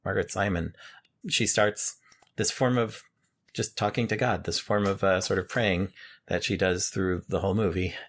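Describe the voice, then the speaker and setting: A New York City man co-hosts a podcast recorded at home in Queens, casually reviewing a film with an animated retelling and acting out the characters' lines. He has a low voice, a moderate pace, and there's slight background noise.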